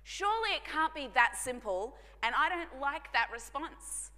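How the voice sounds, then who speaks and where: A woman pastor, telling a personal story in a sermon, earnest and dropping to hushed tones for emphasis. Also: high-pitched, expressive, a little slow. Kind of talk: sermon testimony. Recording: long hall reverb.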